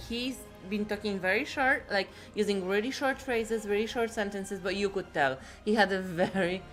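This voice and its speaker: A woman's voice: medium pitch, fairly bright tone. A woman game streamer chatting casually, rambling and swearing freely. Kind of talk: casual chat.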